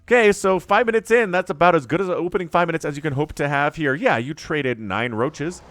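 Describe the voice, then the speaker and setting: A man giving solo play-by-play commentary on a strategy game, excitable and jokey, talking straight to his viewers. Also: fairly high pitch, a little fast, no room sound, studio quality. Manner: excitable, talks to viewers directly, jokey asides. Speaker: esports caster.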